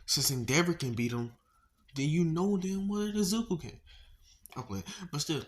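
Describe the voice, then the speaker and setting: A man's voice: a little high, expressive, normal speed. A man casually narrating a fan-made story, rambling with slang, swearing and asides.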